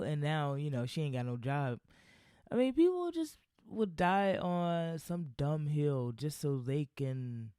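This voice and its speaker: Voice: mid-range voice, expressive, slow pace, dark tone, smooth, no echo, clean studio sound. A podcast host ranting in a blunt, sarcastic, profane way, rambling with lots of fillers and restarts. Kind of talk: casual solo podcast rant.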